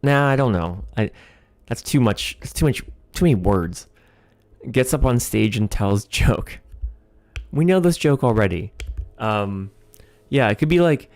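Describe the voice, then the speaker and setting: A man's voice: medium pitch, animated, measured pace, darkish tone, no room sound. A man hosting a livestream, thinking aloud while writing a comedy sketch, hesitant with many ums and chuckling as he reads lines aloud.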